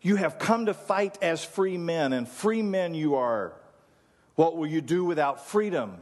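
A defiant warrior leader rallying his army, as a male preacher acts him out. The voice is raised and declaiming, pitched well above the man's normal speaking voice. Everything rings with the long reverb of a large hall. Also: lively intonation, a little slow. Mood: rousing. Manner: declaiming, stirring rally speech. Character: rousing medieval warrior leader, man, defiant.

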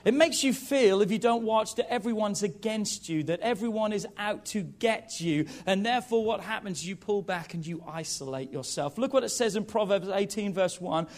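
A man in his thirties delivering a sermon with a notably high voice. He talks directly to the congregation, breaking off for playful asides before pressing his point. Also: moderate pace, few pauses. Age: 30s. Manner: lively, jokey asides to the congregation. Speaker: preacher.

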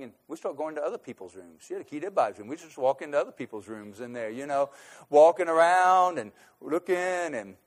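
Guy spinning a yarn, gets loud then drops way down, middle-of-the-road pitch. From United States. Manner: animated storyteller, swings between loud emphasis and quiet asides. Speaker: speaker recounting a trip abroad. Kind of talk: personal anecdote storytelling.

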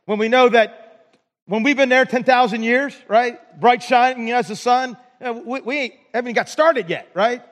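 A man with a notably high voice preaches to his church. His delivery is earnest, full of stumbling restarts and rhetorical checks, and a long reverb from the sanctuary hangs on every phrase. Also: normal speed, a bit bright. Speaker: pastor. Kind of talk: sermon.

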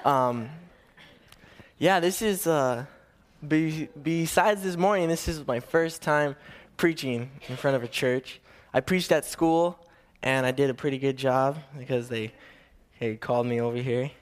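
A man's voice: mid-range voice, unhurried. A young man giving his first sermon to a church, telling a family story in a casual, slightly nervous way with restarts. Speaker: young preacher.

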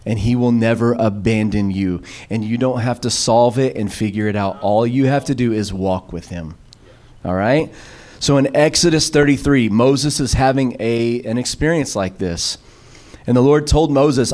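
Animated storytelling man preaching. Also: moderate pace. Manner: animated, acts out quoted voices with sudden pitch jumps; storytelling with many fillers and restarts. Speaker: pastor. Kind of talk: sermon.

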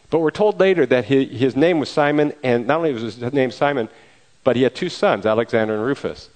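A man preaching a storytelling sermon, retelling events in a lively way with acted quotes. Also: medium pitch, fast talker, rough recording.

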